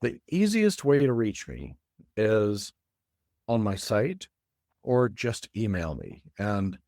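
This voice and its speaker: A man's voice: lowish voice, sing-song, a little mellow, dry recording, studio quality. A middle-aged man who is a design consultant and an interview guest, talking in a friendly way and carefully spelling out details. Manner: friendly, careful and deliberate when giving details. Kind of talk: casual interview chat.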